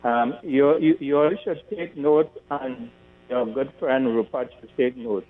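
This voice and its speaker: A man calls in with a careful warning, hesitating as he picks his words. His mid-pitched voice comes over a tinny phone line with a low mains hum. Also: steady tone. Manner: measured, cautionary, hesitant. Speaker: caller. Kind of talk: call-in warning.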